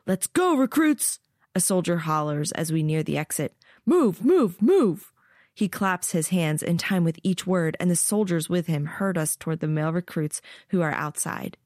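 Woman narrating an audiobook, lowish voice. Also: fairly even intonation, normal speed, few pauses, no echo, clean studio sound. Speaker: audiobook narrator and podcast host.

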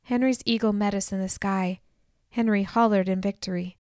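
A woman reads a first-person novel aloud at a measured storytelling pace. Her voice sits in a middle pitch range, recorded dry and close with no room sound. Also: steady tone, darkish tone, no echo. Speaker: audiobook narrator. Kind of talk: scripted first-person narration.

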